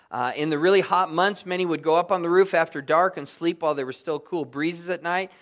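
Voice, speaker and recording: A man preaching a sermon as pastor, telling the story with animated emphasis and sudden drops to a hushed voice. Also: a little high.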